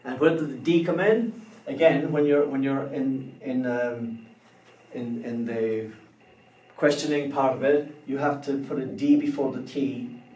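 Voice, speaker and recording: Guy teaching a beginner language lesson, really slow, spells stuff out letter by letter, roomy echo, mic a bit far off. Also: medium pitch, steady tone, darkish tone. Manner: slow and careful, spells out words letter by letter, many restarts.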